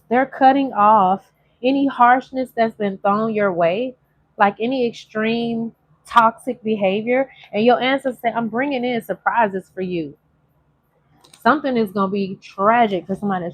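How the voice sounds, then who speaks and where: A woman's voice: a little high, steady tone, muffled recording. Chatty emotional tarot reader woman. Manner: chatty, emotional, drawn-out sung phrases. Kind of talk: casual spiritual reading to viewers.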